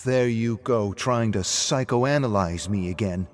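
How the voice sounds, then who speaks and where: A man's voice: on the low side, a little slow, natural voice. A man putting on a hotheaded, defensive drinker. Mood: angry. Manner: curt and defensive, snapping back.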